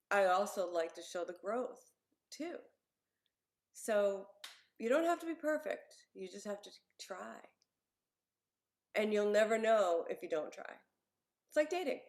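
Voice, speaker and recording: A woman guest on a podcast interview, telling a personal story in an animated, expressive way with plenty of fillers. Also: mid-range voice, unhurried, long pauses.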